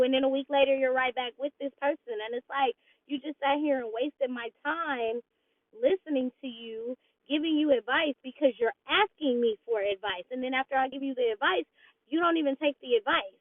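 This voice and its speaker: A woman's voice: a little high, brisk, dry recording. Blunt woman vlogging over tinny audio. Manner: blunt, candid, mimics friends' voices. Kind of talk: casual straight-talk vlog. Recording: tinny phone-like audio, dry.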